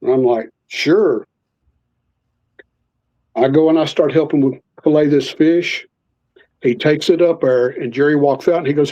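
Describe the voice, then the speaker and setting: A man's voice: on the high side, a little slow, long pauses. A man telling stories in a casual interview, animatedly acting out the voices of people in them. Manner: animated storyteller, acts out quoted voices. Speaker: podcast guest. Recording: slightly muffled lo-fi audio.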